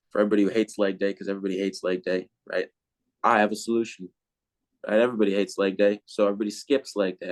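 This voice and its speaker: A man's voice: on the low side, a little mellow. A man on a podcast, talking casually and rambling, with many fillers and restarts as he answers questions. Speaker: podcast co-host being interviewed.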